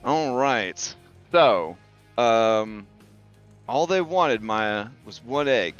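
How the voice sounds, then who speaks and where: A man in the game master's seat, chatting through the story with easy fillers and laughter in a mid-range voice. The sound is a bit dull and lo-fi, with music playing softly underneath. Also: mid-range voice, expressive, very slow, clear, resonant tone. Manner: casual, laughing, filler-heavy narration. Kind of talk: narrating a tabletop game. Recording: slightly dull lo-fi audio. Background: faint background music.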